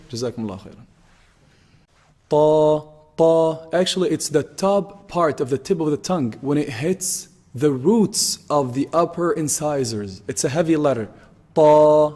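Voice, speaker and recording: A man teaching Arabic letter pronunciation, repeating each sound slowly and with emphasis. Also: mid-range voice, a little mellow. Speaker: Quran recitation teacher. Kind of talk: tajweed pronunciation lesson.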